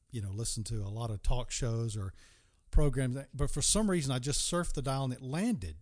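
A man preaching a Bible sermon in an earnest tone. He puts direct questions to the listener and slowly stretches key words for emphasis. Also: medium pitch, a little mellow.

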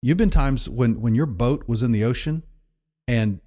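A man's voice: medium pitch, normal speed, dark tone. A man preaching a sermon in a conversational, emphatic way, often repeating himself for effect. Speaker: pastor.

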